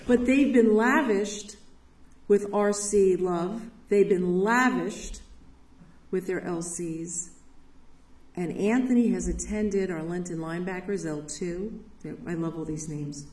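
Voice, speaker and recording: An enthusiastic woman gives an inspirational church talk, telling stories with laughs along the way. Her voice is mellow and warm, and it is picked up from a distance in a roomy, echoey hall. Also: on the low side, slow pace. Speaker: parish ministry speaker.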